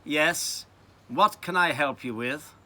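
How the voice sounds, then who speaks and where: A man's voice: a little high, slow pace, bright, forceful tone, pitched above the performer's own voice, heavily acted. An older man voicing a posh, skinny old stable owner with a clipped, very posh way of talking. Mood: haughty.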